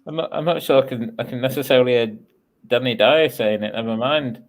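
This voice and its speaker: A man's voice: medium pitch, a little fast. A man co-hosting a casual live chat, hesitant and full of ums, with dry teasing remarks. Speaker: co-host.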